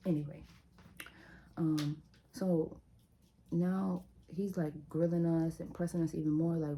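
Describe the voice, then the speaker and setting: Chatty young woman with a dark voice. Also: sits low, measured pace, long pauses, slight background noise, low-quality recording. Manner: animated, chatty, talks straight to viewers. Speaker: vlogger. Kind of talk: casual storytime.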